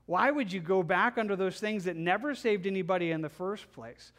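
A man's voice: high-pitched, lively intonation, fairly quick, few pauses, fairly bright tone. A man preaching a sermon, reading and paraphrasing scripture in an earnest, pleading way with frequent stammered restarts. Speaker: pastor.

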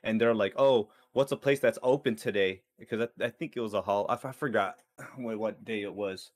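A man's voice: on the low side, brisk. A man co-hosting a podcast, telling a rambling story full of swearing and restarts in casual chat. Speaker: podcast co-host.

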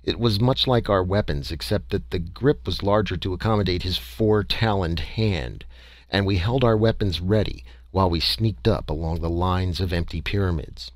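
A man narrating an audiobook in a measured first-person storytelling manner. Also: low voice, no echo.

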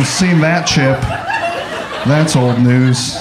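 A man performing a stand-up comedy set, animated and exaggerated, jumping in and out of mock voices. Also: on the high side, normal speed, crowd noise, background noise. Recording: live club with audience laughter.

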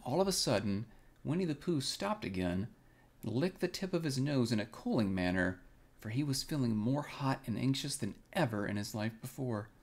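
Male bedtime storyteller, calm and expressive, gravelly texture, lively intonation. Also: mid-range voice. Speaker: storybook reader.

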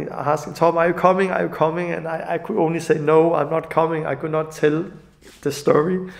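Gravelly, tearful man, earnest and halting. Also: fairly high pitch. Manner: earnest, halting, non-native phrasing. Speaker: evangelist. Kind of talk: emotional personal video message.

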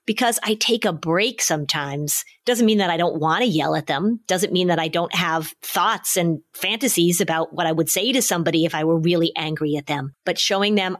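Calm lower-voiced woman giving parenting advice. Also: a little fast, few pauses. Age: middle-aged. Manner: calm, practical, reassuring advice. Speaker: podcast host, parenting expert. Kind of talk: casual advice chat.

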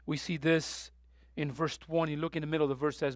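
A man preaching a sermon with passion, going from soft, tearful moments to loud, urgent appeals. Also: fairly high pitch, level tone, brisk, no room sound, studio quality. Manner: impassioned, swings from soft to loud; emotional, near tears. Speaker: pastor.

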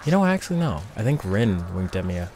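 Young male let's-player, low gravelly voice with a lively up-and-down delivery, rambling commentary. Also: quick pace, slight background noise. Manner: rambling, self-interrupting, chatty asides to viewers. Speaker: let's play host. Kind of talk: casual gameplay commentary.

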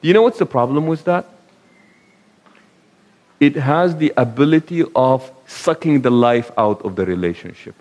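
A man's voice: medium pitch, lively intonation, moderate pace, long pauses, a little mellow, highs cut off. A man giving a conversational sermon to a live audience, asking them questions, telling anecdotes and sprinkling in Arabic phrases. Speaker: imam giving a talk.

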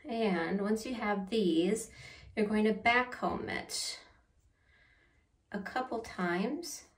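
Unhurried woman vlogging in an echoey room. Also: mid-range voice. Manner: chatty, self-deprecating, laughs at herself. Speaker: beauty vlogger. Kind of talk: casual how-to vlog. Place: at home. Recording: roomy echo, mic at a distance.

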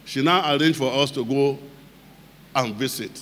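A man with a Nigerian accent preaching a personal testimony to a congregation, telling the story and breaking into shouted emphasis. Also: mid-range voice, moderate pace. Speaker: pastor. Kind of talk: sermon testimony. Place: large church hall. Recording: echoey church hall with faint noise.

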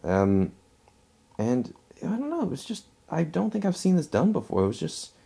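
A man's voice: fairly high pitch, wildly swooping pitch, normal speed, creaky, dark tone, husky. A man giving a casual movie review, rambling and restarting his phrases as he talks at home.

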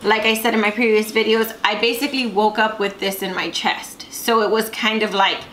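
A woman's voice: mid-range voice, fairly even intonation, moderate pace, fairly bright tone, slight background noise. A young woman from Texas, talking to her camera at home in a casual vlog, rambling with lots of fillers. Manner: talkative, rambling with many fillers. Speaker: vlogger. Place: room at home. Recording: echoey room, faint music behind.

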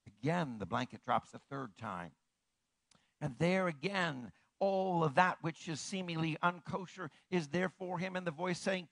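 A man pastor delivering a sermon in an animated way, swinging from hushed, slow passages to ringing declarations. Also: on the high side, gravelly, no echo, rough recording.

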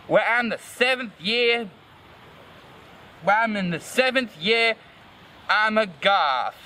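Guy with a high voice doing a comic dramatic read of a story, first person, drops swears for laughs. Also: sharp tone, slight background noise. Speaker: host reading a fan story aloud.

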